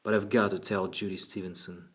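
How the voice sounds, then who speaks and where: A man's voice: low voice, flat delivery, a little fast, a bit bright, husky. A man voicing an earnest, persuasive woman psychologist in an audiobook reading.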